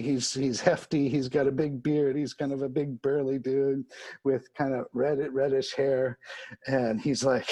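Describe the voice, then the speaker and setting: A man's voice: medium pitch, dark tone, breathy edge. A man telling a long funny story in casual chat, laughing often and repeating words as he builds it up. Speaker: storyteller guest. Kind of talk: casual anecdote.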